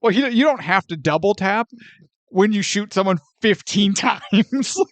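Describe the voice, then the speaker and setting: Animated high-voiced man reviewing movies. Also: unhurried, dry recording. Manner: animated, acts out scenes with sound effects and quoted voices. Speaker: podcast co-host. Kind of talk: casual movie review chat.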